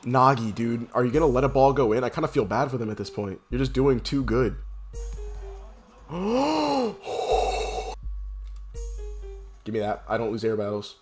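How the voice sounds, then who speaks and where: A young man giving excitable, profane gameplay commentary, swinging between loud hype yells and low muttering. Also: quick pace, few pauses, music in the background. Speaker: gaming YouTuber.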